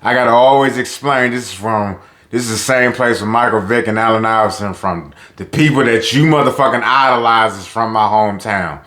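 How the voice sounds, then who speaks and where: A man's voice: brisk, a bit bright. A man with a Tidewater Virginia accent, talking casually and profanely in a loose vlog monologue. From Newport News, Virginia. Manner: loose and profane, heats up with rising pitch on social topics. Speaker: vlogger.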